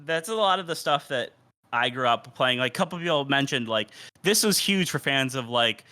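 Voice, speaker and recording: A man's voice: mid-range voice, expressive, moderate pace, pushed and bright. A young man co-hosting a gaming podcast, rambling with lots of fillers in casual chat. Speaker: podcast co-host.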